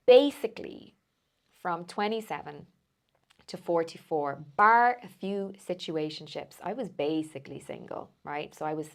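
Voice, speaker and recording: A woman, a coach, telling personal stories in a casual podcast chat, animated and quick to laugh. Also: lowish voice. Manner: animated storytelling, laughs often, frequent "like". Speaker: transformational coach, podcast guest.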